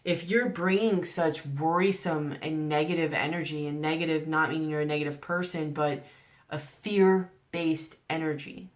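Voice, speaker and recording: A woman's voice: low-pitched, steady tone, normal speed. A woman giving a general tarot reading to camera, earnest and coaxing, asking the listener one rhetorical question after another. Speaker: tarot reader.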